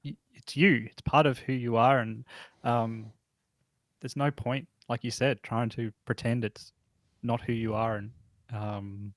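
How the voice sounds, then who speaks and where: A man's voice: medium pitch, steady tone, measured pace, no room sound. A man co-hosting an interview show, talking casually and enthusiastically with stumbling restarts. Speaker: podcast co-host.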